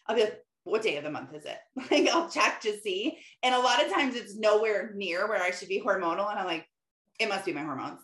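A middle-aged woman talking casually about faith, rambling and chatty with lots of "like" and quick laughs. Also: mid-range voice, fairly bright tone. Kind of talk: casual faith-based monologue. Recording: roomy echoey room.

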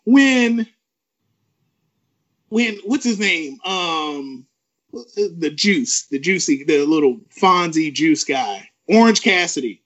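A man co-hosting a podcast, ranting with animated, profane emphasis. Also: on the high side, slow pace, lo-fi sound. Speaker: podcast co-host. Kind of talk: ranting wrestling podcast talk.

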